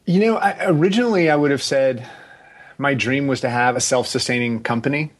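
A man in his forties, a podcast guest chatting casually, relaxed and rambling with restarts and asides. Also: medium pitch, brisk. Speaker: podcast guest, agency founder. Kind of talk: casual interview chat.

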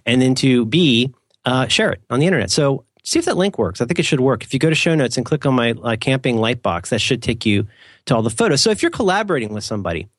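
A man's voice: medium pitch, very animated, fast, no echo, clean studio sound. A man co-hosting a podcast in casual chat, rambling and self-mocking with playful mock-formal asides. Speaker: podcast co-host.

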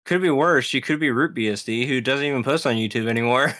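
A man co-hosting a relaxed podcast, ribbing his friends with wry asides. His voice is bright and sharp, at an ordinary pitch for a man. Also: fast talker. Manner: teasing, wry. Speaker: podcast co-host. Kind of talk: casual podcast chat.

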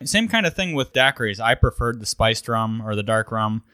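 A man co-hosting a podcast, chatting casually, relaxed and chuckling as he thinks aloud. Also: on the low side, brisk, no echo, clean studio sound. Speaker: podcast co-host. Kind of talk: casual chat about cocktails.

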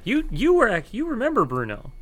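A man's voice: high voice, huge pitch swings, fairly quick, fairly bright tone. A man co-hosting a podcast in casual chat, stumbling over words with restarts and laughing often. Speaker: podcast co-host.

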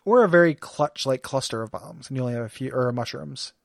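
A man's voice: mid-range voice, fairly quick, creaky, no echo, studio quality. A man co-hosting a casual podcast about a video game, rambling with lots of fillers and restarts and laughing often. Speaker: podcast co-host. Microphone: studio microphone.

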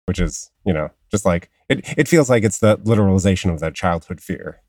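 A man co-hosts a casual podcast chat, stopping and restarting often with "uh." His voice is low-pitched, and the recording is dry and close. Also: animated, darkish tone, no echo. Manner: halting, many "uh"s and restarts. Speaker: podcast co-host.

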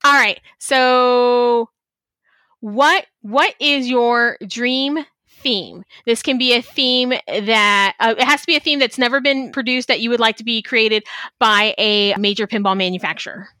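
A woman's voice: a little high, measured pace, pushed and bright, no room sound. A woman hosting a podcast interview, chatty and laughing easily in casual conversation. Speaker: podcast host.

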